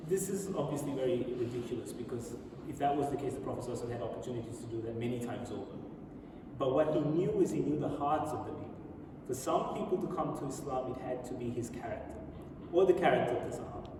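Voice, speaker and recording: A man giving a storytelling religious lecture in a mosque, retelling events in an animated way and reading quoted speeches aloud. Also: medium pitch, fast talker. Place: mosque prayer hall. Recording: very echoey hall, speaker far from mic, audible noise.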